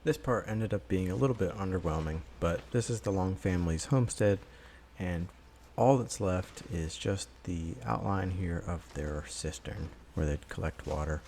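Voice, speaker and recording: A man with a very low voice and a gravelly, fried edge talks his viewers through his footage in a loose, easygoing voice-over. He rambles a little and drops in plenty of "uh"s and "um"s as he goes. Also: moderate pace, few pauses, slight background noise. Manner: rambling, relaxed, many filler words. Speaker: vlogger. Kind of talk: casual voice-over narration.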